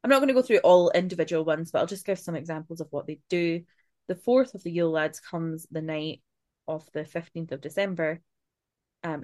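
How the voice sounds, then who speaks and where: A woman from Scotland with a darkish voice on the low side co-hosts a podcast, with no room sound. She chats casually while telling spooky folklore, swearing freely and breaking into laughing asides.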